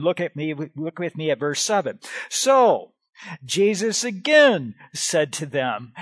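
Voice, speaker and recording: A man preaching a sermon with emphatic, deliberate delivery and swings in loudness. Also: sits high, dry recording. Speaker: pastor.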